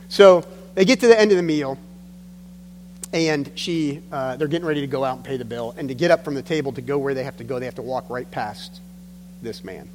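A man's voice: on the high side, fairly quick. A man preaching a sermon as pastor, telling stories in an earnest, emphatic way. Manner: earnest storytelling with emphatic drops. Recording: long hall reverb with faint hum.

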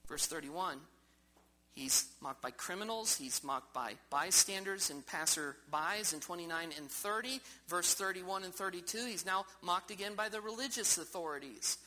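A man's voice: high-pitched, moderate pace, sharp tone, poor audio. A man preaching a sermon in a church service, emphatic and full of rhetorical questions to the congregation. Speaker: pastor.

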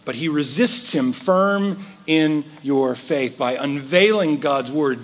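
A man preaching a sermon, swinging between loud emphasis and hushed, soft asides. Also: fairly high pitch, slow, hardly any pauses. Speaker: pastor.

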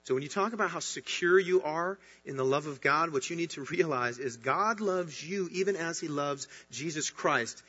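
Preaching with earnest emphasis and surges of excitement, this male pastor has a slightly high, somewhat rough voice and talks at normal speed with few pauses. The recording sounds dull and carries a long hall reverb.

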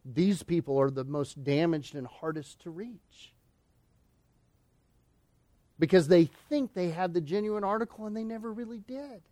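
A man's voice: sits high, darkish tone, no room sound, clean studio sound. A male pastor preaching an expository sermon, emphatic and full of rhetorical questions.

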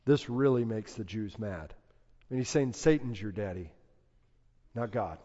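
A man preaching a sermon, slow and emphatic, building to loud peaks when he quotes scripture. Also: fairly low pitch, animated. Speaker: pastor. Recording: dull lo-fi sound with long hall reverb.

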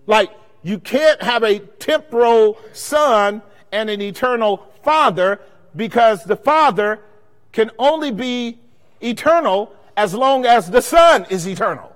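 A man preaches at a Bible study in a high voice, tossing questions to the congregation and letting them answer back. His words ring out with a long reverb, as if from a big hall. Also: expressive, slow, a bit bright. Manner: call-and-response questions to the congregation. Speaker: pastor teaching a Bible study. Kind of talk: sermon-style Bible teaching.

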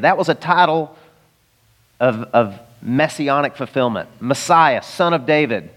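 A man's voice: medium pitch, animated, moderate pace, long reverb tail. A man preaching a sermon in a conversational way, acting out the voices of the people he quotes. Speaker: pastor.

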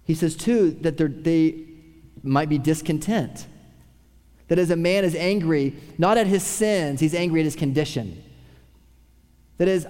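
A man preaching a sermon, swinging from a raised voice to hushed, quiet tones. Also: a little high, lively intonation, unhurried, pauses often, long reverb tail. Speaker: pastor.

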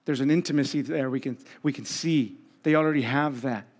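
A pastor preaching a sermon in a conversational, humorous way, acting out the voices of the people in the story. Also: male voice, mid-range voice, fairly quick. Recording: long reverb of a large hall.

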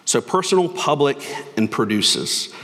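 A man's voice: medium pitch, animated, a little slow, a bit bright. A man preaching a sermon as pastor, earnest and conversational. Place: church sanctuary. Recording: long hall reverb.

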